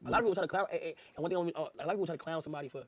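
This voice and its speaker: A man's voice: on the high side, racing, no echo. A young man hosting a stream, asking casual, rambling questions in slang and restarting them as he goes. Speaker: streamer host.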